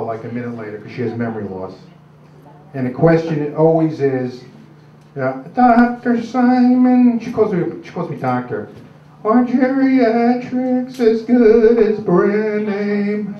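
A man's voice: medium pitch, slight background noise. A man doing a crude, rambling stand-up routine on a club stage. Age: 60s. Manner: crude, gruff, rambling with many "uh"s. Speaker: stand-up comic. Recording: roomy, distant, dull club recording.

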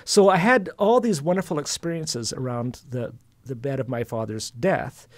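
Man, middle-aged, podcast host, reflective storytelling, medium pitch, dry close sound. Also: normal speed, dry recording. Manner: reflective, soft-spoken, full of restarts. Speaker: podcast host and singer-songwriter. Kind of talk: casual storytelling conversation.

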